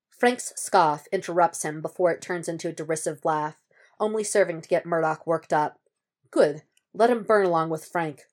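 A woman reading a piece of fan fiction aloud as an audiobook, at a steady, measured pace. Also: fairly low pitch. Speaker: podfic reader.

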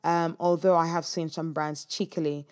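Female host, lower register, chatty recap style with ums. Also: level tone, normal speed, a little mellow. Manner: chatty with frequent ums and small laughs. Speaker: podcast host recapping a chat. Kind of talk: casual recap reading out quotes.

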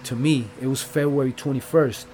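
A man's voice: medium pitch, steady tone, a little fast, a little mellow, slight background noise. A man, telling his own story in loose, rambling slang full of "like" and "you know". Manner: profane street slang. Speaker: podcast guest telling his life story. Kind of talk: casual storytelling.

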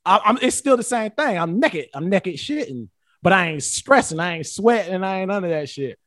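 A man's voice: sits high, a little fast, no room sound, clean studio sound. A young man co-hosting a podcast, telling crude stories in casual, profane slang. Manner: animated, profane storytelling with slang. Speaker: podcast co-host.

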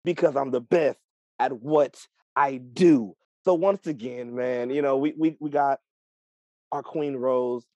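A man's voice: mid-range voice, unhurried, mellow, no echo, dull audio. A man co-hosting a wrestling podcast, hyped and playful, fond of puns. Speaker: podcast co-host. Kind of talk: excited wrestling podcast chat.

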